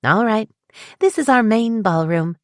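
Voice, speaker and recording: A chirpy wedding planner with a southern drawl, eager to please and always smiling, as a woman narrator puts her on. The voice sits noticeably higher than the narrator's own. The recording is close and dry. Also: expressive, measured pace, no room sound. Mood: cheerful. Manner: upbeat, chatty, eager to please.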